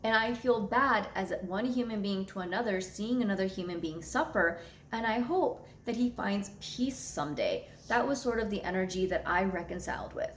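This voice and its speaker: A woman's voice: medium pitch, animated, normal speed, slight background noise. Candid, blunt woman astrologer in echoey room. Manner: candid and blunt, swears freely. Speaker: astrologer and channel host. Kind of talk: personal storytelling to camera.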